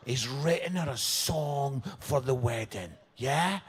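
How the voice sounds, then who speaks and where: A Scottish man in his fifties, a pastor telling comic stories in a sermon, animated and tagging his lines with "yeah?". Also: medium pitch, takes it slowly, few pauses, slightly rough. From Scotland. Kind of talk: sermon storytelling. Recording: reverberant church hall.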